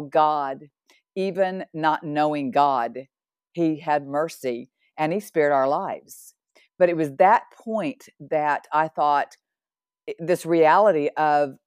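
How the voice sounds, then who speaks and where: Lady in her 60s, real low voice, dry close sound, telling her faith story all animated. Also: normal speed, clear, resonant tone, dry recording. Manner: animated and earnest, with laughs and asides. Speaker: podcast guest. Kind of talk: personal faith testimony.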